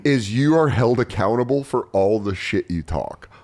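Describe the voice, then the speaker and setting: A man's voice: medium pitch, expressive, moderate pace, a little mellow. A man in his thirties hosting a casual podcast chat, telling jokey stories and mimicking voices. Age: 30s. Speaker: podcast host.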